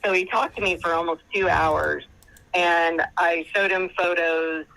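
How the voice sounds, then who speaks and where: A woman's voice: fairly low pitch, fairly even intonation, a little slow, gravelly, sharp tone, poor audio. A woman calling in to a show by phone, chatting and retelling a long conversation as she quotes others at length. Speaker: caller. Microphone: phone call.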